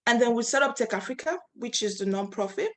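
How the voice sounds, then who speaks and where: A woman's voice: on the high side, expressive, fast, a bit bright. A woman from Nigeria, a nonprofit founder, telling her story as a guest speaker over a video call, earnest and passionate. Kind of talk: interview storytelling.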